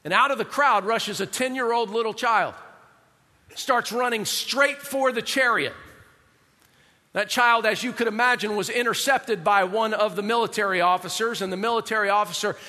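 A man preaching a sermon as pastor, animated, often asking the congregation rhetorical questions. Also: sits high, normal speed, in a large hall.

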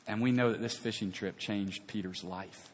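A man's voice: on the low side, fairly even intonation, moderate pace, husky. A man preaching a sermon, telling a Bible story with dramatic acted-out dialogue. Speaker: pastor. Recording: long reverb of a large hall.

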